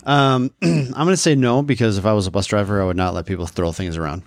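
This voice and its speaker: A man's voice: fairly low pitch, fast, no room sound. Man, thirties, from the upper Midwest, rambling casual chat, dry close sound. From upper Midwest, USA. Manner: rambling, self-interrupting storyteller. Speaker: podcast co-host.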